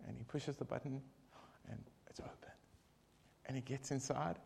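A man leading a group devotion, telling a long joke in a casual, rambling, animated way with many asides. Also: mid-range voice, normal speed, gravelly, breathy edge.

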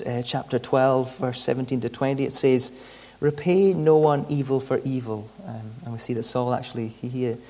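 A man's voice: mid-range voice, mellow. Male preacher, conversational delivery, frequent restarts and repeated words. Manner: conversational, often repeats words mid-sentence. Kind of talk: sermon.

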